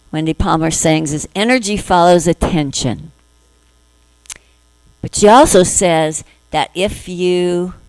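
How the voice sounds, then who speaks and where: A woman minister giving a spiritual talk to her congregation, gentle, acting out inner voices in little quoted asides. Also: on the low side, dry recording, poor audio.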